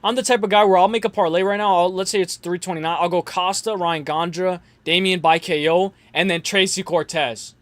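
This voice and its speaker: A man's voice: high-pitched, fairly even intonation, a little fast, few pauses, dry recording. A young man hosting a casual livestream, rambling in slangy talk full of fillers and restarts. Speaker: host.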